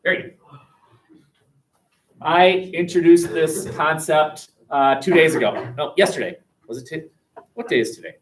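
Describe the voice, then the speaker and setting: A man teaching a history class, lively and questioning, recorded from across a classroom. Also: a little high, measured pace, pauses often, a little hiss or hum. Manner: animated, asks the class questions, jokes. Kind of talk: classroom lecture. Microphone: webcam across the room. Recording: distant webcam sound.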